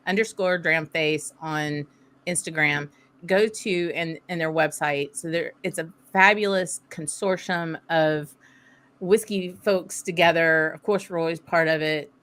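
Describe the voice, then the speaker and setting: A woman's voice: deep voice, fairly even intonation, a little slow, a bit bright. Chatty Southern American woman. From southern United States. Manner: chatty, laughing, thinking aloud. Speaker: host. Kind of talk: casual chat while tasting whisky.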